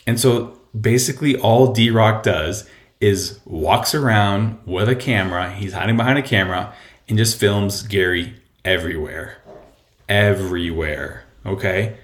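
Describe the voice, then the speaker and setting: Recorded in an echoey room at home, this podcast host talks on his own in a relaxed, meandering way, stumbling through fillers and restarts. His lowish male voice keeps a measured pace, and he's slightly winded.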